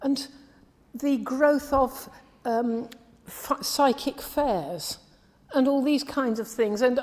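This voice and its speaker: A woman from the English Midlands preaching a sermon in a measured, earnest way, often trailing off softly at the ends of phrases. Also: sits high. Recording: long hall reverb.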